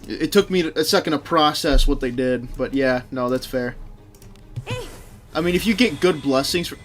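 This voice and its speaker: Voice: mid-range voice, normal speed, faint music behind. A game streamer chatting casually on a live stream, rambling and swearing while answering chat, often breaking into laughter. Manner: frequent laughter.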